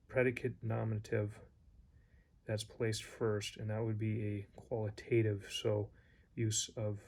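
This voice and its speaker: A man's voice: on the low side, darkish tone. A man teaching a casual lesson, rambling and hesitant with many fillers and restarts. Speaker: Greek teacher.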